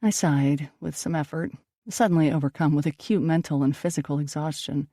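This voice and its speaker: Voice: medium pitch, fairly even intonation, brisk, warm tone, no room sound, clean studio sound. An audiobook narrator reading a first-person ghost story, turning dramatic at tense moments.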